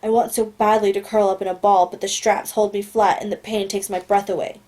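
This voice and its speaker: Female audiobook reader, first-person narration, mid-range pitch, steady reading with the odd self-correction. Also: brisk.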